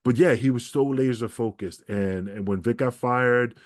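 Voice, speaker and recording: A man's voice: medium pitch, normal speed, no room sound, clean studio sound. A man, a former wrestler, telling stories as a podcast guest, swearing freely and acting out what others said. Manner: profane, animated storyteller who acts out quoted people. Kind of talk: storytelling interview.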